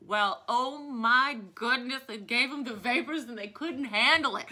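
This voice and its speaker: A woman's voice: a little high, a little slow, hardly any pauses, pushed and bright. A woman in her thirties from New Orleans, teaching a history lesson in a chatty, digressive storytelling way. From New Orleans, USA. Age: 30s.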